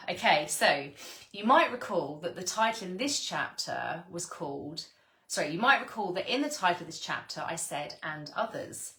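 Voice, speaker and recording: A woman's voice: lowish voice, expressive, normal speed, sharp tone, roomy sound. A woman reading her own spiritual book aloud in an earnest, gushing way, stopping for sighs and exclamations. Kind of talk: read-along of a spiritual book with personal asides.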